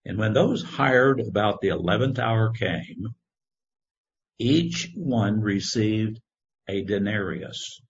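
Slow, low-voiced man preaching. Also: expressive. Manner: slow, measured scripture reading. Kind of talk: sermon. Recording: dull lo-fi recording.

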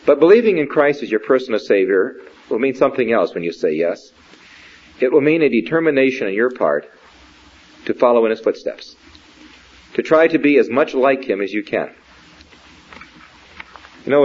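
A man giving a sermon in an earnest, questioning, measured way, speaking directly to a young believer. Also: on the low side, darkish tone, breathy edge. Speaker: preacher. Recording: dull lo-fi recording.

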